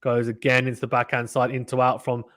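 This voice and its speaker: A man with a medium-pitched voice hosts a live tennis watchalong stream, calling the play-by-play quickly and with animated reactions. Excited and casual, he reads chat messages aloud as he goes.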